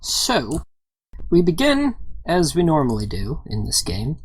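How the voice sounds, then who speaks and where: A woman's voice: sits low, wildly swooping pitch, a little slow, slight background noise. A woman narrating as game master of a tabletop game, improvising with laughs and fillers. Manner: laughs often, hesitant fillers while improvising.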